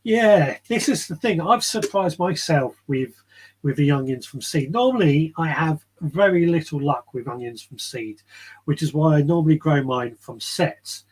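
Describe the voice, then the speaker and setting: Speaking from a garden shed, a podcast host runs a relaxed live-stream chat, rambling easily from one thought to the next and picking up viewer comments along the way. His voice is a little high for a man, with a slightly husky edge, and he talks at normal speed.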